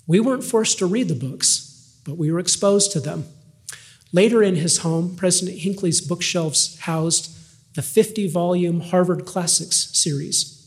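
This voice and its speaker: An older man giving a scripted devotional talk, measured and gently humorous, ending with a religious close. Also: a little high. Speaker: devotional speaker.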